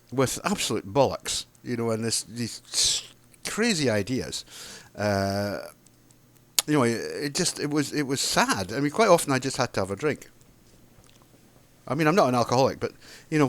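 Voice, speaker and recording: Guy venting at the camera, lively up-and-down voice, fiery and foul-mouthed. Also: medium pitch. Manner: heated, sarcastic, swears freely. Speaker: video blogger. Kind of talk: angry ranting monologue to camera.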